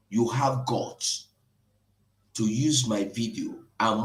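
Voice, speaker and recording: An impassioned man talks slowly and with weight, hosting a live broadcast. He pleads and grows emotional, now and then rising toward a shout. His voice rings around an echoey room. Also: on the low side. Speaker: online broadcast host.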